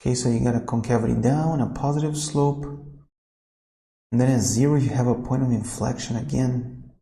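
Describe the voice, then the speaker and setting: A man's voice: mid-range voice, steady tone, moderate pace, vocal fry, warm tone, reverberant. A man teaching a recorded math lesson, thinking aloud and correcting himself informally as he works.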